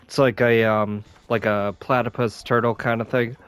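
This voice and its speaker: A man chatting casually while gaming, rambling with lots of fillers and restarts, coughing and clearing his throat now and then. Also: medium pitch, little pitch movement, moderate pace, fairly bright tone, a little hiss or hum. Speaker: gaming channel host.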